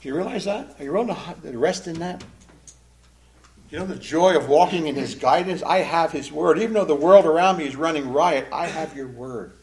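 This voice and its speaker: A man's voice: a little high, brisk, a little hiss or hum. A man preaching a sermon in an earnest, emphatic way, pressing hard on key phrases. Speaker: pastor.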